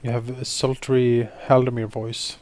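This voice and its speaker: A man's voice: mid-range voice, little pitch movement, unhurried, a little mellow. A man playing in a tabletop game, bantering with a wry, joking manner. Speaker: player. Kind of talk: casual chat at a game table.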